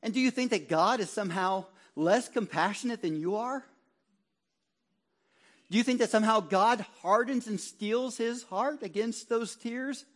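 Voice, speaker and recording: A middle-aged ruling elder with a high voice delivers a fervent sermon at an unhurried pace. He sinks to a near hush on solemn phrases, then swells into loud, ringing exhortation when stressing the hope he preaches.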